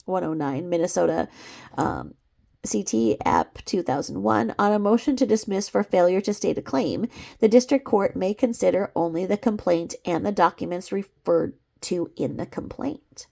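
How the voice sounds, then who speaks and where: A woman's voice: lowish voice, animated, normal speed, creaky, dark tone. A woman reading a court filing aloud, breaking off now and then for sarcastic asides. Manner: reads legal citations, breaks off with sarcastic asides and laughs.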